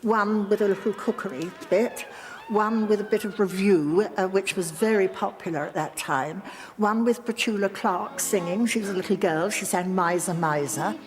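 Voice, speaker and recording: A woman's voice: medium pitch, moderate pace, long reverb tail, faint music behind. A woman recalling her early days as a television engineer in a matter-of-fact, storytelling way. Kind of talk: reminiscing interview.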